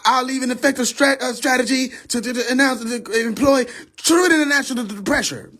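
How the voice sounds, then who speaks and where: Halting old politician as a man mimics him, stammering, restarting words, high strained tone. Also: fairly bright tone. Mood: stumbling. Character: rambling older male politician stumbling over a speech.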